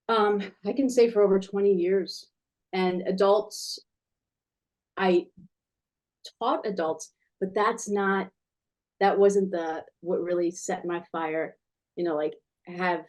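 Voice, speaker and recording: A woman's voice: mid-range voice, a little mellow. Enthusiastic woman teacher in her forties. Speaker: guest, children's language teacher. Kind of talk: casual video interview.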